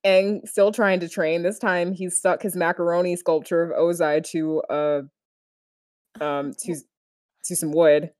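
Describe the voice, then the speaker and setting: A woman's voice: fairly low pitch, little pitch movement, unhurried, a little mellow, dry recording, clean studio sound. A woman co-hosting a casual podcast, recapping a cartoon episode and laughing often as she talks. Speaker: podcast co-host.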